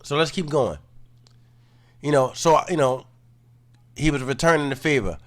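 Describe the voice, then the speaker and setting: A man giving casual commentary, relaxed and low-key, full of "you know" fillers. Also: moderate pace.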